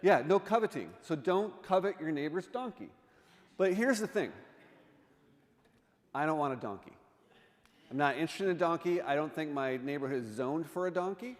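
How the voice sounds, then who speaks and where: A man with a somewhat high voice gives a lighthearted, jokey presentation, tossing questions to the crowd. His voice rings out with a long, lingering echo, as heard in a church sanctuary. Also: expressive, moderate pace, pauses often. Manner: playful, jokey, quizzes the audience. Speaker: artist in residence giving a presentation. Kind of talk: humorous illustrated talk to a congregation.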